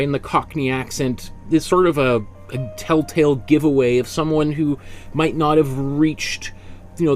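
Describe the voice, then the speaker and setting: Chatty, rambling male art teacher. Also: on the high side. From Canada. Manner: rambling, self-correcting, chatty with frequent fillers. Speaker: art instructor. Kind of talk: casual teaching talk.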